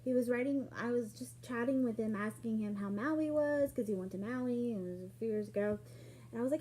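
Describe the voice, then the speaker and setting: A woman telling a personal story in a casual vlog, acting out what people said with sudden jumps in pitch and loudness. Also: fairly quick, a little hiss or hum. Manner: animated, acts out quoted lines with sudden jumps in pitch and loudness.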